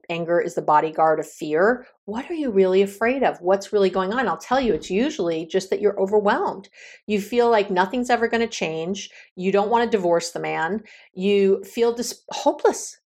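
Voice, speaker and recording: Emphatic middle-aged woman coaching listeners. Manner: emphatic, direct and encouraging, with lively pitch jumps. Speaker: relationship coach. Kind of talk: podcast advice monologue.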